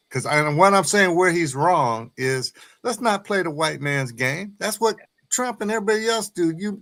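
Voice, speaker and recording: A man's voice: on the high side, a bit bright. A man making an emphatic point in a live-stream discussion, stumbling on restarts. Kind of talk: casual argumentative talk.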